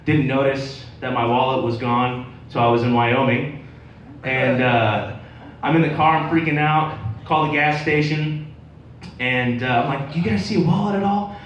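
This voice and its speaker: Here a young comedian works the bar open mic, spinning meandering stories heavy on filler words in a steady, medium-pitched voice at a measured pace. His tone is fairly bright, though the lo-fi capture from across the roomy bar adds a slight hiss or hum.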